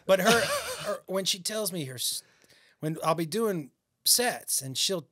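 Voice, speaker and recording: A middle-aged comedian telling profane stories in a casual podcast chat. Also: male voice, high-pitched, unhurried, no echo, studio quality. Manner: profane, animated storytelling. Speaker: comedian guest.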